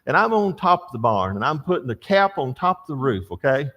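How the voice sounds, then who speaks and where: A man's voice: medium pitch, brisk, dull audio. An older man teaching a church Bible class, telling stories and asking the class questions. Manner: storytelling, animated, asks the class questions.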